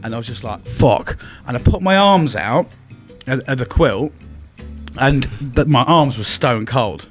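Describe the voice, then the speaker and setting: A man's voice: mid-range voice, animated, normal speed, soft background music. A young English man with an English accent telling a ghost story in casual podcast chat, swearing often and acting out what was said. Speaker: podcast co-host.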